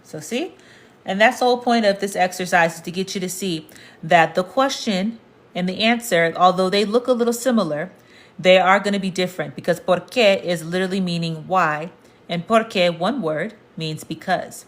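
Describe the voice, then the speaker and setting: Low-voiced woman teaching a language lesson. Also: fairly bright tone. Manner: explains patiently, repeats points, talks to the viewer. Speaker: Spanish teacher.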